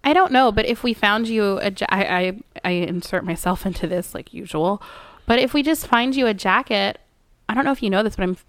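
A woman's voice: mid-range voice, brisk, fairly bright tone, no echo. A woman co-hosting a casual chat, telling stories in a chatty, self-mocking way. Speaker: podcast co-host.

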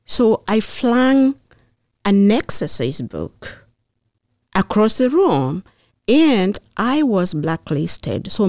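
A middle-aged woman, a guest telling personal stories in an earnest, measured way with thoughtful pauses. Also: mid-range voice, sing-song, darkish tone, dry recording, studio quality. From Kenya. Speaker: mayoral candidate, guest. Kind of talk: personal storytelling in conversation.

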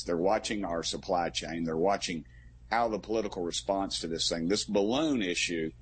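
A middle-aged man, a congressman in a political interview, folksy and quick to get worked up. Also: sits low, breathy edge. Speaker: congressman guest.

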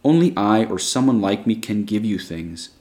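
A man reading a story aloud, voicing a gentle, persuasive female schoolteacher who speaks softly and coaxingly. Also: on the low side, lively intonation, normal speed, close to an everyday voice.

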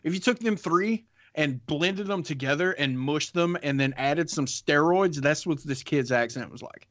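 A man co-hosting a podcast, rambling and halting as he searches for words in casual chat. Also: fairly high pitch, fairly bright tone, lo-fi sound. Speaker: podcast co-host.

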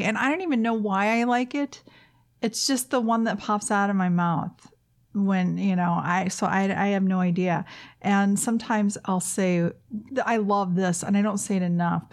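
A woman's voice: medium pitch, normal speed. A woman co-hosting a podcast, chatting loosely with restarts and chuckles. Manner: rambling, self-interrupting, chuckling. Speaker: podcast co-host. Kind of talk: casual chat.

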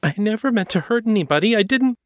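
A man's voice: medium pitch, sing-song, measured pace, no echo, pitched above the performer's own voice. A man reading aloud and voicing a shaken, tearful young woman who talks in pleading bursts. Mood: distressed.

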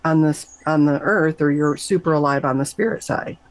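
A woman voicing a gentle, loving grandmother spirit who speaks calmly and reassuringly. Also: low voice, moderate pace, no room sound, close to an everyday voice. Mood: soothing. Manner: calm, soothing, reassuring.

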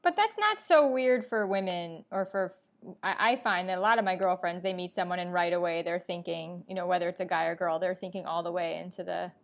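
A woman's voice: on the low side, brisk, gravelly. A woman interviewing a guest, asking curious questions and offering reassurance. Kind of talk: conversational interview.

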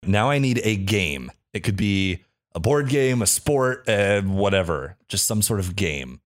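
Man, podcast host, lively intonation, playful, laughs often, studio. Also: fairly low pitch, a little slow. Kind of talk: casual chat.

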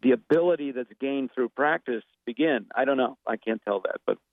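A man with a medium-pitched voice speaks briskly on a dry recording with narrow, tinny audio. He's a guest actor and impressionist in a casual interview, rambling thoughtfully with many fillers and restarts.

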